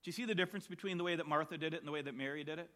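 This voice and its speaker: A man preaching a sermon, telling a Bible story with animated storytelling and acting out the voices of the people in it. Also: fairly high pitch, very fast.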